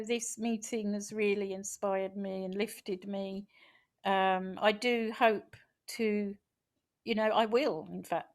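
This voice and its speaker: Slow-paced woman reading a poem. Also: mid-range voice. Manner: slow, rhythmic recitation. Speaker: poet and activist. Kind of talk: poem reading then casual speech. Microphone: video call.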